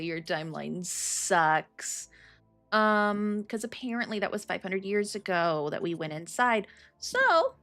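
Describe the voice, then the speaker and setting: A woman's voice: medium pitch, fairly bright tone. A woman voicing a cheeky young female tiefling bard in a tabletop game, playful and sarcastic.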